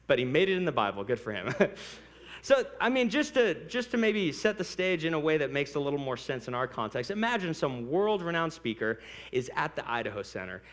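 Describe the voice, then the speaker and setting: A man's voice: fairly high pitch, very animated, fairly quick, fairly bright tone. A man preaching a sermon in a church, conversational and playful, with asides to the congregation. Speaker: pastor.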